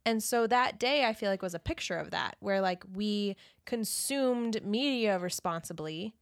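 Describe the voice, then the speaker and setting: A woman's voice: mid-range voice, lively intonation, unhurried, dry recording, clean studio sound. A woman co-hosting a faith podcast in casual conversation, backing her husband with frequent murmurs and jumping in with her own points. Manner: chatty, frequent affirming murmurs. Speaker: podcast co-host.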